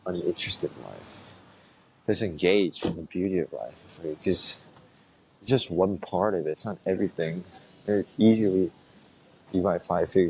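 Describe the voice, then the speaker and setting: A young man with a deep, low voice talks through a loose, rambling solo podcast episode. He is laid-back and slangy, leaning hard on filler words, with a faint noise floor behind him. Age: young adult. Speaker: podcast host. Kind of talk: casual rambling monologue.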